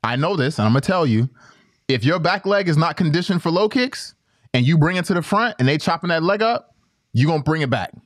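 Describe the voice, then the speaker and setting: A man's voice: a little high, lively intonation, brisk, no echo, studio quality. A man co-hosting a sports podcast, insistent and explaining his points one by one. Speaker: podcast co-host. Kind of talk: casual sports debate.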